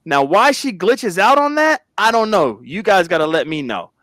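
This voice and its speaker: A man hosting a reaction commentary in a high, very lively voice that swoops up and down. He talks dramatically and exclaims a lot, recorded close and dry with no room sound. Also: normal speed, dry recording. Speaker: host.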